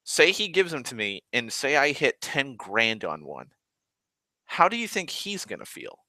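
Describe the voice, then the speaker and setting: A man's voice: medium pitch, wildly swooping pitch, measured pace, pushed and bright, dry recording. A man rambling in a casual, profane monologue, ranting and complaining at length. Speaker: vlogger.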